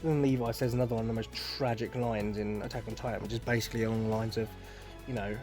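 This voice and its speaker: A man's voice: fairly low pitch, level tone, fast, a little mellow. Male podcast host, casual sarcastic rant, swears freely, faint music under. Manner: sarcastic, profane, exasperated.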